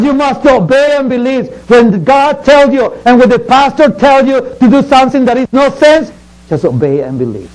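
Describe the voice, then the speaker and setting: A man's voice: extremely high pitch, a little mellow, slight background noise, low-quality recording. A man preaching to children as a pastor, telling a Bible story in the first person in simple, broken English and acting it out theatrically.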